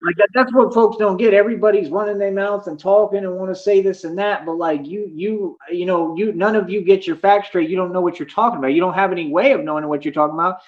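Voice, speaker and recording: High-voiced boastful man ranting on stream. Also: fast, few pauses, muffled recording. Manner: boastful, defiant, addressing chat. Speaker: livestreamer. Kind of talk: ranting livestream. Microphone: phone.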